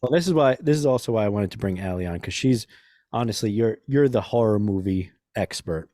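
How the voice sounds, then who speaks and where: A man's voice: fairly low pitch, lively intonation, fairly quick, mellow, no echo, clean studio sound. A man hosting a podcast, chatting casually and jokily quoting movie lines. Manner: jokey, quotes movie lines. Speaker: podcast host. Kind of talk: casual chat.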